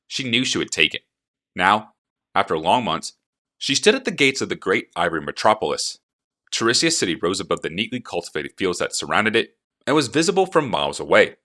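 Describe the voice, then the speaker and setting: A man reading an audiobook with expressive, animated storytelling. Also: deep voice. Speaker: narrator.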